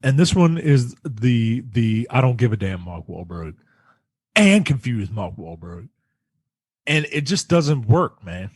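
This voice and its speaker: A man's voice: medium pitch, very animated, measured pace, darkish tone, husky, no room sound. A man reviewing a movie in a casual podcast chat, blunt and slangy, hammering his points home by repeating them.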